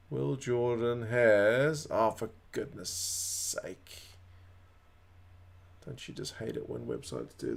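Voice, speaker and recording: A man's voice: medium pitch, vocal fry, a little mellow. Chatty New man hosting a stream. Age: 30s. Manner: chatty, reacting to live chat comments. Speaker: livestream host. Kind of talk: casual watch-along chat.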